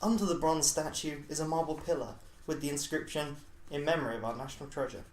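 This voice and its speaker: A man's voice: fairly high pitch, quick pace. Man narrating a story in an echoey room. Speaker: podcast co-host reading his own story. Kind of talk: scripted narration read aloud.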